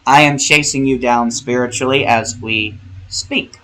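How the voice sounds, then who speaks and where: A man's voice: mid-range voice, fairly even intonation, measured pace, pushed and bright, low-quality recording. A man delivering a casual spiritual monologue, rambling and theatrical, with profane jokes. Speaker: vlogger.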